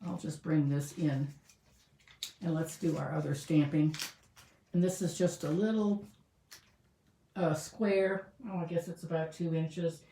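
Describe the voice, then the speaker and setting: A woman works on cards in a relaxed crafting tutorial, thinking out loud and using filler words, pausing often as she speaks at a measured pace. Her voice is low and dark with a steady tone, and slight background noise can be heard. The roomy audio comes from a camera mic mounted some distance above the work table.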